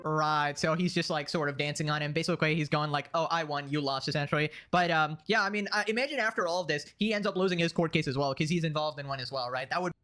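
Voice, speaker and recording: A man with a high, light voice rattles through casual drama commentary at a fast clip. His delivery is snarky and mocking, with quick asides. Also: sharp tone, faint music behind.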